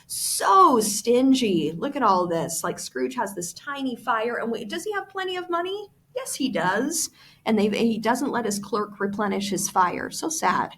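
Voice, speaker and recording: A woman's voice: on the high side, lively intonation, measured pace, fairly bright tone. A woman teacher explaining vocabulary during a classroom read-aloud, addressing students directly.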